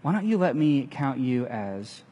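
A man preaching a sermon, telling a story in lively fashion and acting out the lines of the people in it. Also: medium pitch, a little slow. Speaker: pastor. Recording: long hall reverb.

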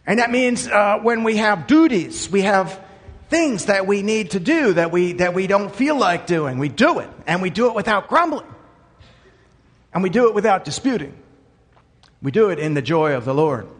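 A man preaching a sermon in an earnest way, dropping to quiet asides and then rising to emphatic points. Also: high voice, very animated, moderate pace, long reverb tail. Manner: earnest, swings between quiet asides and emphatic raised lines. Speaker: pastor.

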